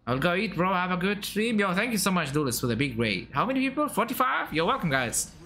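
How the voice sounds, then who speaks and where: A man from Arabia, giving excitable, chatty live commentary on his own gameplay as a streamer. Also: high-pitched, fast talker. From Saudi Arabia. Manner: excitable, chatty, bursts into shouts and laughs at the game.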